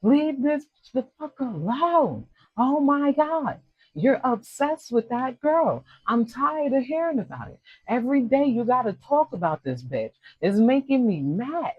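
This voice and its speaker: A man with an American accent voicing a fed-up partner who yells, swears and nags. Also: big pitch swings, unhurried, husky, no room sound, narrow, tinny audio, exaggerated voice. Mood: furious. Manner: shrill, swearing, nagging.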